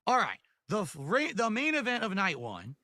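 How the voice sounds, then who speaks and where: A man's voice: high-pitched, wildly swooping pitch, normal speed, pushed and bright, dry recording. Chatty male wrestling stream host. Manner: chatty, asks chat for support, restarts a lot. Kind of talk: casual live-stream wrestling chat.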